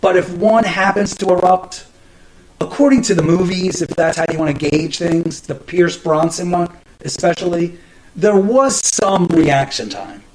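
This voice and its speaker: A man's voice: sits high, a little slow, a little hiss or hum, poor audio. A middle-aged man hosting a podcast, telling rambling stories in casual chat, cursing often and restarting his sentences. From New Jersey. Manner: rambling, profane, many restarts and fillers. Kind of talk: casual storytelling monologue.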